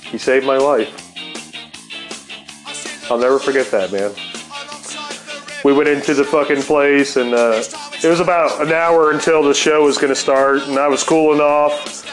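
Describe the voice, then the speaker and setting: A man's voice: medium pitch, fairly even intonation, measured pace, long pauses, poor audio. Foul-mouthed older man over guitar. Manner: profane, laid-back, heavy swearing with fillers like "man" and "dude". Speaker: storyteller. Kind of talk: rambling personal storytelling. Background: guitar music playing.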